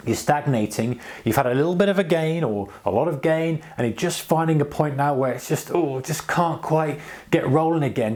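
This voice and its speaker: A man hosting a trading channel, giving casual advice to camera in a rambling, animated way and acting out his own inner voice. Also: medium pitch. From United Kingdom.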